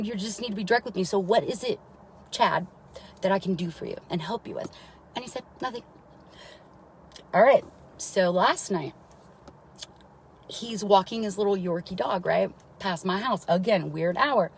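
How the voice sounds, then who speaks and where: A woman's voice: mid-range voice, a little hiss or hum, low-quality recording. A mother telling a long, rambling personal story on a live stream, with frequent swearing and asides of "right?" to her listeners. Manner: keeps checking in with listeners by asking "right?".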